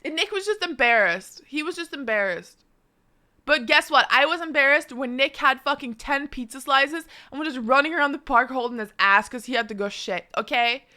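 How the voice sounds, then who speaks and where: Bright, high-voiced young woman telling a story. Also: moderate pace. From Norway. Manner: animated, profane, swearing often. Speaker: streamer. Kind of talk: casual storytelling on a live stream.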